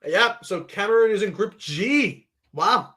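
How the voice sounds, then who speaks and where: A man giving a live reaction to a sports draw, excitable and thinking aloud as he keeps addressing his viewers. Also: high-pitched, unhurried. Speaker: sports vlogger.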